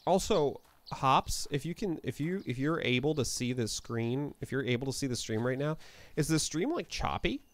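A man's voice: medium pitch, animated, normal speed. A man chatting casually as he livestreams a game from his apartment, thinking aloud and often correcting himself. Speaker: live streamer. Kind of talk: casual gameplay livestream chat. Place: apartment room.

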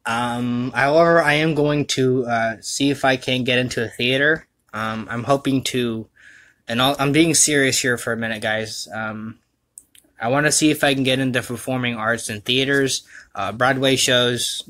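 Bright-voiced man, rambling casual vlog. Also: medium pitch, steady tone. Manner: rambling, self-mocking, quick to laugh. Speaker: vlogger and voice dubber. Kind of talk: rambling casual livestream chat.

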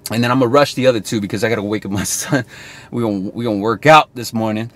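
A man's voice: lowish voice, fast, a bit bright, no room sound. A man talking casually to camera as a sales coach, chatty and thinking aloud as he explains.

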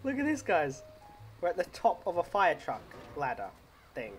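A man's voice: high voice, wildly swooping pitch, normal speed, faint music behind. A man who makes gaming videos, chatting casually and joking around during role-play. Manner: joking, laughs often. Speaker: gaming YouTuber.

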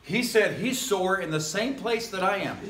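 A pastor with a high, slightly bright voice preaches at a moderate pace in an echoey church sanctuary. His sermon is casual and rambling, full of jokes and chuckling asides.

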